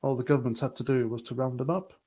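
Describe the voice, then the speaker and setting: A man's voice: mid-range voice, fairly even intonation, fast talker, mellow. A man hosting a livestream, talking earnestly and rambling as he reads out chat comments. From Britain. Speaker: livestream host.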